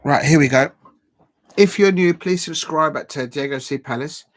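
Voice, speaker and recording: A man hosting a casual live stream, calling a snooker match in a chatty, rambling, self-deprecating way with lots of filler pauses. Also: a little high. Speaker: YouTube live-stream host.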